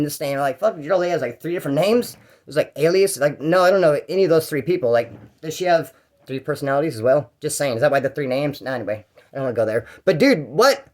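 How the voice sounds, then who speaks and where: A man from Bakersfield, California, rattles off prison stories at a quick clip in a slightly high voice. He talks in a rambling, profane way and acts out both sides of every exchange. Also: a little mellow. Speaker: storyteller recounting prison life. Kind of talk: casual storytelling vlog.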